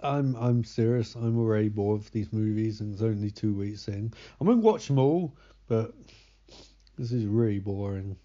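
A man's voice: on the low side, normal speed, warm tone. A young man recapping a movie in casual, sardonic commentary. He swears often and keeps losing track of the characters' names. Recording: slightly dull lo-fi recording.

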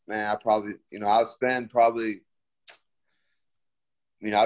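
A young man, a fighter, answering interview questions in a laid-back, slangy way full of fillers. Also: fairly low pitch.

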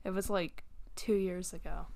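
A woman's voice: on the low side, fairly even intonation, gravelly, warm tone. A young woman co-hosting a casual podcast, teasing her friend and laughing often. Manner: teasing, giggly, quick to laugh. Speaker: podcast co-host. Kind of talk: casual chat.

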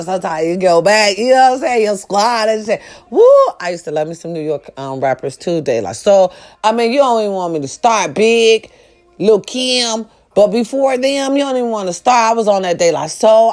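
A middle-aged woman chatting casually and loudly to her viewers, swearing freely and breaking into snatches of song. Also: mid-range voice. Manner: loud, profane and animated, with sung snippets. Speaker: live-stream host.

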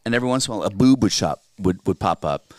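A man's voice: fairly low pitch, animated, racing, no room sound, clean studio sound. A middle-aged man, a comedian, chatting casually on a podcast, rambling and swearing freely with frequent laughs. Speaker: stand-up comedian, podcast co-host. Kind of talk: casual chat.

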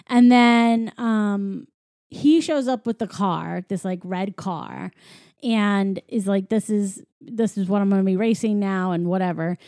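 A woman's voice: medium pitch, measured pace, dark tone, dry recording, clean studio sound. A woman co-hosting a podcast, casually recapping a movie plot in a rambling way with many fillers. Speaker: podcast co-host.

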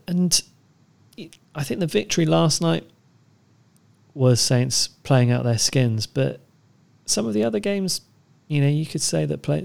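A man co-hosts a chatty podcast from his laptop, trading dry, teasing remarks. His voice has a gravelly, rough edge. It sounds like a video call. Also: mid-range voice, a little mellow. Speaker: podcast co-host. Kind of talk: casual chat.

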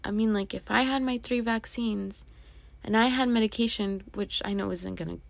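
A woman's voice: medium pitch, normal speed, gravelly, no room sound. A young woman hosting a podcast, rambling in a candid, confessional way, swearing casually and at times dropping to a whisper. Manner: rambling and confessional, drops to a whisper at sad moments. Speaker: podcast host. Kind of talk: personal monologue.

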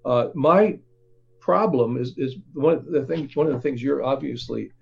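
A man who writes and reports, talking as an interview guest, halting often, with fillers and restarts. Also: mid-range voice, vocal fry, slightly rough, highs cut off. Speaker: author and reporter.

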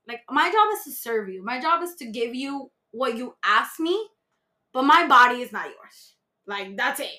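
A young woman with a high, bright voice talks as a podcast guest. She is blunt and animated, and she swears freely as she tells her stories. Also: normal speed. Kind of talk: casual podcast chat.

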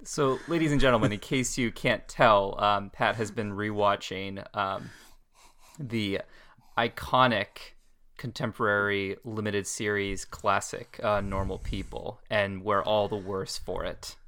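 A man co-hosts a loose podcast, telling stories that wander with frequent laughs. His voice is on the low side but bright and forceful. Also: steady tone, unhurried. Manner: rambling, laughs often, many fillers. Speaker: podcast co-host. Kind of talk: casual podcast chat.

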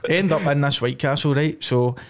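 A man's voice: fairly high pitch, fairly even intonation, moderate pace. A man with a Glasgow accent, co-hosting a podcast and telling a travel story with plenty of swearing and laughter. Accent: Scottish, Glasgow. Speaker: podcast co-host. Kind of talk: casual storytelling chat.

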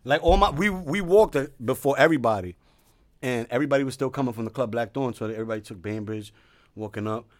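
A man's voice: medium pitch, fast, no room sound, clean studio sound. Joking New man in his 40s. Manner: loud, joking, slang-heavy banter. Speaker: podcast co-host. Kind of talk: casual chat.

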